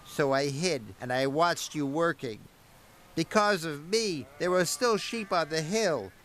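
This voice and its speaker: Man doing a shy little storybook engine: soft, hesitant, slightly raised voice. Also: fairly high pitch, lively intonation, measured pace, voice pushed up. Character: timid little male narrow-gauge engine, gentle.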